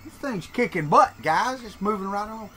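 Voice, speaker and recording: This man's voice is high-pitched and a bit bright, with lively intonation, a moderate pace, and slight background noise. He hosts a casual live stream from Florida in the Deep South, chatting in a Southern American accent, cracking jokes, and responding to what viewers type.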